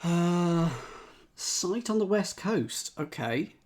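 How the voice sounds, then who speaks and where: Male streamer, unhurried delivery, puzzles things out aloud, working through options one by one. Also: high-pitched, very animated, darkish tone. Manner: muses aloud, methodically tries out letters and words. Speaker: streamer solving crosswords. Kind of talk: thinking aloud, chatting with live chat.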